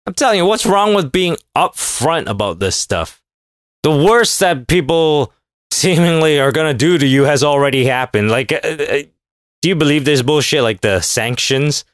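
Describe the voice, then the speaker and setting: A man delivering a casual comedic rant, sarcastic and profane, mocking people with quick put-on voices. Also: mid-range voice, a bit bright, no room sound, clean studio sound.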